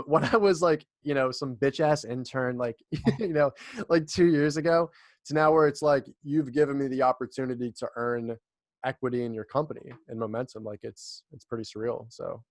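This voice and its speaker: A man's voice: mid-range voice, normal speed, no echo, clean studio sound. A young man hosting a podcast in casual chat, laid-back and profane, laughing often. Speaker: podcast host.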